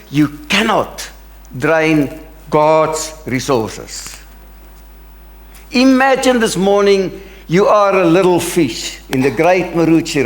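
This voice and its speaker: Emphatic male preacher, lively pitch. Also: roomy sound. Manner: earnest, emphatic preaching with drawn-out phrases. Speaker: pastor. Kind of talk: sermon. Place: church sanctuary.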